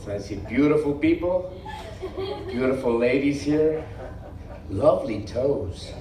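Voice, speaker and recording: A man doing live stand-up, brash and teasing with the crowd, recorded from afar in an echoey venue with loud noise. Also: medium pitch, animated, unhurried, far from the mic. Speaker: stand-up comedian. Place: comedy stage.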